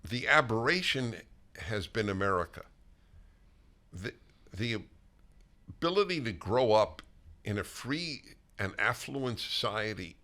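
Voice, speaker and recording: Older man with a bright forceful voice. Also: lowish voice. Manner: emphatic, halting restarts. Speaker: host. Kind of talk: political talk show conversation.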